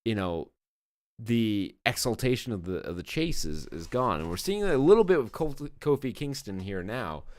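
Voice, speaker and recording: A man's voice: fairly low pitch, sing-song, moderate pace, dry recording. A man co-hosting a podcast, talking casually and emphatically, swearing now and then. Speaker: podcast co-host. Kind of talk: casual wrestling review chat.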